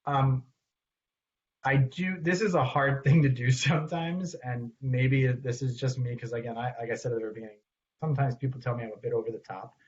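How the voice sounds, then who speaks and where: Male clinician-teacher, relaxed conversational delivery, acts out examples, lo-fi audio. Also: medium pitch, a little fast. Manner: conversational, acts out what he says to parents and kids. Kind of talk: recorded training talk.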